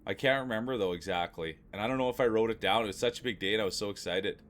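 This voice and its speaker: A man streaming live from home, chatting casually and warmly with his viewers, greeting them by name and often repeating himself. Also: on the low side, rapid-fire.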